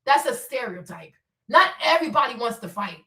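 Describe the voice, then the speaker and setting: A woman's voice: fairly high pitch, big pitch swings, a little fast, pushed and bright, echoey room, recorded from a distance. A woman hosting her own commentary show, scolding bluntly with profanity and rhetorical questions. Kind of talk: opinionated solo commentary.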